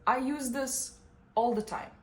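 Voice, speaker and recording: This is a young woman, a vlogger and coach, whose high voice moves at a measured pace. Her talk to the camera is personal, casual and expressive, broken up often by laughter.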